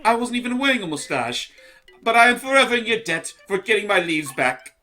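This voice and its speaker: Man putting on a pompous fake-French gentleman. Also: sits high, sing-song, brisk, soft background music, voice pushed up, heavily acted. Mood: grandly grateful. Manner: theatrical, grandly polite.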